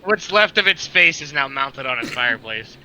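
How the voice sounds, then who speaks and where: A man narrating a tabletop game as game master in a relaxed, casual way, swearing and laughing often. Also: mid-range voice, moderate pace, a crowd in the background, low-quality recording.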